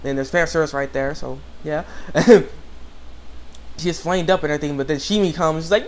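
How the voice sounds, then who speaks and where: Young male anime reviewer, slightly high voice, casual and rambling. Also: a little fast, a little hiss or hum. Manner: rambling, full of fillers and restarts. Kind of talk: casual episode recap.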